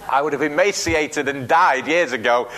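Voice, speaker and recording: Man preaching a lively sermon. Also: fairly high pitch, a faint crowd. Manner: animated storytelling with acted quotes, halting restarts.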